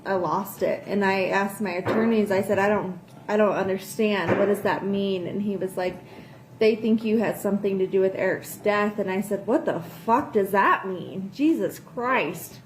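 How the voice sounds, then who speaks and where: A woman's voice: medium pitch, flat delivery, moderate pace, noisy background. A woman talking through a phone call, distraught and swearing often, her voice rising and breaking. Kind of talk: emotional phone conversation.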